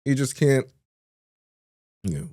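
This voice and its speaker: Rambling man with a lively voice. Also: medium pitch, slow, no echo, studio quality. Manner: rambling, laughs often, goes off on tangents. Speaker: podcast co-host. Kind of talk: casual chat, movie review.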